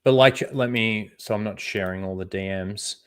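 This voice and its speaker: A man hosts his own livestream channel, casually reacting to trailers in a rambling way full of fillers, asides, and freely dropped swear words. His voice is fairly low yet fairly bright, clear and resonant, at a moderate pace.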